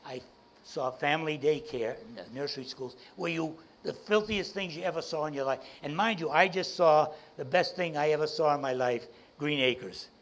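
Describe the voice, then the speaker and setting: A man giving a talk as an entrepreneur, telling a personal story in an animated way. He acts out the dialogue and often restarts his sentences with repeated words. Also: on the high side, normal speed, low-quality recording.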